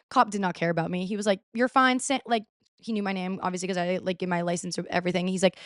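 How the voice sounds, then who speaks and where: She's a fast-talking podcaster in her twenties with a medium-pitched voice, captured in studio quality without room sound. Her storytelling is loose and conversational, full of "like," and she voices the people she quotes.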